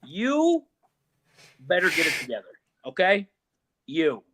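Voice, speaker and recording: A man's voice: fairly high pitch, wildly swooping pitch, slow, pushed and bright, no echo. A man co-hosting a sports betting podcast, teasing and swearing in a mock-stern way. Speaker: podcast co-host. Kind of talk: casual chat.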